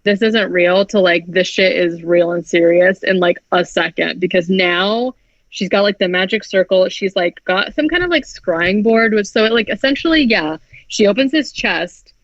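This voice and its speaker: A woman's voice: mid-range voice, normal speed, dry recording. A woman on a podcast runs through a film's plot in loose, rambling chat, full of "like" and swearing. Her mid-range voice is heard dry and close, with no room around it. The audio is slightly dull and lo-fi. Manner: chatty, heavy "like" filler, frequent swearing. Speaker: podcast co-host. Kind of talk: casual movie recap chat.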